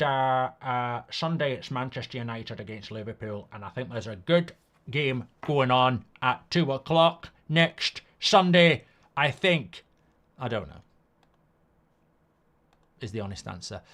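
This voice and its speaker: Middle-aged man, live-stream football host, loose sweary chatter, slightly raised pitch. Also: a bit bright. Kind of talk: casual live-stream chat.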